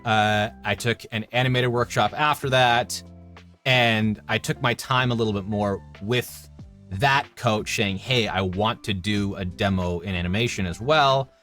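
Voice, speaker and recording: A man in his thirties from Canada, a voice actor chatting casually in an interview and telling lively anecdotes. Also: fairly low pitch, unhurried, soft background music. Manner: chatty, animated anecdotes with acted-out quotes. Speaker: voice actor guest.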